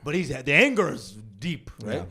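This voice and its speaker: Animated young man telling a comic story. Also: a little high, normal speed. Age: young adult. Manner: animated, acts out quoted family members, laughs often. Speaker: podcast co-host. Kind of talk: comedic storytelling.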